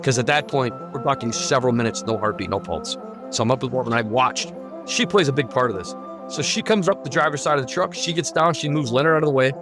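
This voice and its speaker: A man's voice: medium pitch, fast, over music. A man telling his own near-death story in an earnest, vivid and emphatic way. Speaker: guest sharing a near-death testimony. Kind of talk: personal testimony storytelling.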